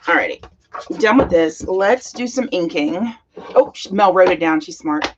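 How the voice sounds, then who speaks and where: Here a teacher who runs a crafting channel talks in a lowish, animated voice at a moderate pace. This middle-aged woman is gushing and chatty as she scrapbooks at her craft desk, talking the whole time she works. The audio is dull with slight background noise.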